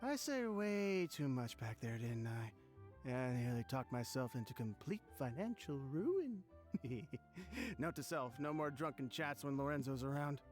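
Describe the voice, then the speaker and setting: A man's voice: medium pitch, big pitch swings, measured pace, faint music behind. A drunk, jittery young man. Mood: tipsy wary. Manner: slurred, rambling, jittery. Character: tipsy nervous young man, secretive. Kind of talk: video game voice acting.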